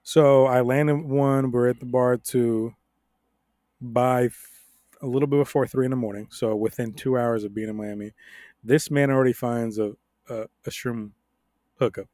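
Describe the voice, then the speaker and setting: A young adult man co-hosts a casual podcast, telling rambling stories at normal speed in a middle-pitched voice recorded close and dry. He swears freely, laughs often, and grows loud and animated.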